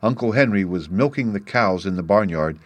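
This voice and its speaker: Low-voiced male storybook narrator. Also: lively intonation, normal speed, no room sound. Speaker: audiobook narrator.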